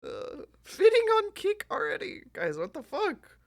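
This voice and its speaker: Sarcastic swearing woman streamer, gravelly bright voice, dry close mic. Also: very high voice, huge pitch swings, measured pace, no echo. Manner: sarcastic, swearing, laughing often. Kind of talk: live stream banter.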